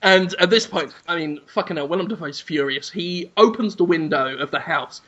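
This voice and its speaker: A man hosting a podcast, crude and rambling in deadpan comedic storytelling. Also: fairly high pitch, normal speed, lo-fi sound. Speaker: podcast host.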